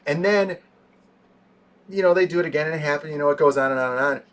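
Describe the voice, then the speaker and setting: A man co-hosting a casual movie review chat, animated, often acting out scenes in quoted voices. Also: on the high side, rapid-fire, a little hiss or hum. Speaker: podcast co-host.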